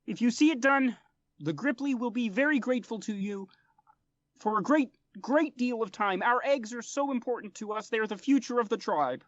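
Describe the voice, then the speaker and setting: A man voicing a polite, earnest male frogfolk interpreter with a high, careful voice in a tabletop game. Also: moderate pace, dry recording, muffled recording.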